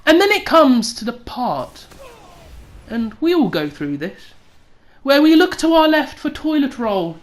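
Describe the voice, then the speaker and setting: A young woman tells a crude story in vlog style, full of swearing and loud acted-out quotes. Her voice sits a little high for a woman. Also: measured pace. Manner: sweary, animated, acts out quotes loudly. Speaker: vlogger.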